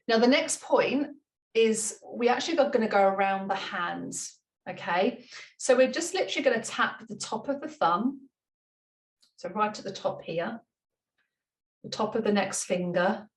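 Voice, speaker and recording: A woman walks through a tapping routine in easy, chatty talk, and she laughs at herself now and then. Her pitch sits in the middle range. She is recorded from some distance in a roomy, echoing space. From United Kingdom. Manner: light-hearted, laughs at herself, repeats gentle instructions. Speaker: money mindset coach. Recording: roomy room, mic at a distance.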